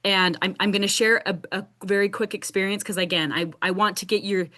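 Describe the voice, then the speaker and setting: A young woman who stutters hosts a casual support group discussion on a video call, with repeated sounds and restarts; she's the host and a speech-language pathologist. Her mid-range voice has a sharp tone and fairly even intonation, and she speaks a little fast.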